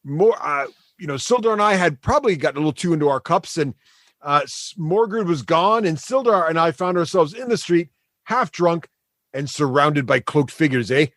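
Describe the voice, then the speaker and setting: A man's voice: a little high, lively intonation, fairly bright tone, dry recording. Man doing a dwarf, mock canadian "eh", rambling, lots of fillers, dry close sound. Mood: rueful. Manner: attempted Canadian accent, tacks on "eh"; halting, many "uh" fillers. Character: male dwarf prisoner, tipsy and rambling.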